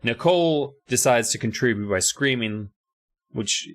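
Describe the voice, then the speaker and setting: A man's voice: mid-range voice, animated, unhurried. A man co-hosting a podcast in casual chat, recapping a book in a sarcastic, profane, rambling way. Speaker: podcast co-host.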